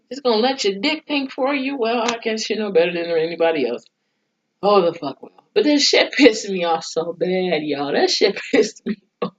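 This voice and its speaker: A woman's voice: mid-range voice, expressive, normal speed. A woman reviewing a TV episode in a casual vlog, ranting heatedly with profanity and sarcastic asides. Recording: dull lo-fi sound.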